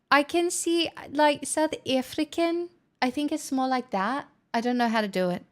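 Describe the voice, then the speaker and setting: A young Australian woman chatting casually on a live stream, playful and a little dramatic. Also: on the high side. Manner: playful, self-mocking, dramatic. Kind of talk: casual chat.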